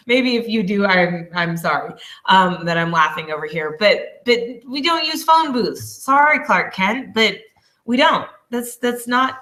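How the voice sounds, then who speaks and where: A woman in her twenties, a business coach teaching a casual lesson, chatty and quick to laugh. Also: medium pitch, expressive, pushed and bright. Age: 20s. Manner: chatty, laughs often, apologizes.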